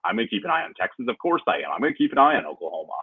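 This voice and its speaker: Husky-voiced man on a tinny line. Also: mid-range voice, racing, dry recording. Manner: animated, laughs easily, restarts often. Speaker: podcast co-host. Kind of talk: casual sports chat.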